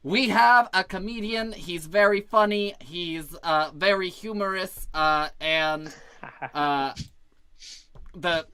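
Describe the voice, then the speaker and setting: Slow, rambling open mic host. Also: mid-range voice, pushed and bright, smooth, no room sound. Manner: rambling, stumbling introductions. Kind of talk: emceeing a comedy open mic. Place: small comedy club open mic.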